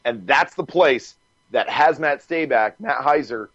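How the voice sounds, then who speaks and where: A man guest on a podcast, telling stories in a casual, animated way, swearing freely and laughing as he goes. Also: mid-range voice, a little slow, dry recording, highs cut off. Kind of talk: casual storytelling.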